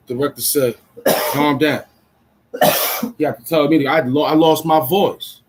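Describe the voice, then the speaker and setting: An adult man from Brooklyn, chatting casually on a livestream in an excitable, rambling way full of street slang. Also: a little high, normal speed, noisy background. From Brooklyn, New York. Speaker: vlogger.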